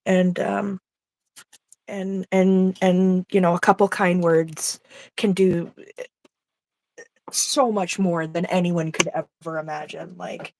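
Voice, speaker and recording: A woman's voice: lowish voice, level tone, slow pace, gravelly, pauses often, a little mellow, no room sound, low-quality recording. A woman co-hosting an art stream over a video call, chatting casually and emotionally as she paints, swearing now and then. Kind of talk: casual chat while painting.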